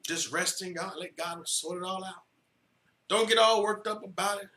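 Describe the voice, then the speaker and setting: A man preaching in an echoing church, his voice pitched high and ringing very bright. He leans on repeated phrases and swells his emphasis from one line to the next. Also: normal speed. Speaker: pastor. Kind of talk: sermon.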